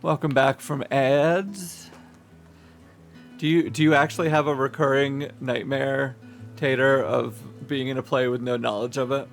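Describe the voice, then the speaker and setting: A man's voice: mid-range voice, level tone, moderate pace, vocal fry, faint music behind. A man streaming a game, joking and rambling in casual chat and comic narration.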